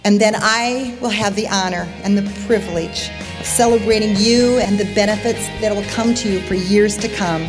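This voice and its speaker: A woman's voice: medium pitch, steady tone, moderate pace, over music. A woman giving an emphatic motivational speech on stage, addressing her audience as "gang". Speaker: motivational conference speaker. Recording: echoey hall.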